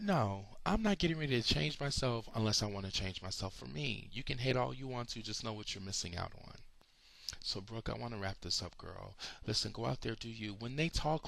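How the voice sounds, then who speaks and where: A sleepy, yawning man and motivational speaker, giving an emphatic, encouraging personal video message and slowing down to stress his points. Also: medium pitch, expressive, vocal fry, a bit bright, no room sound.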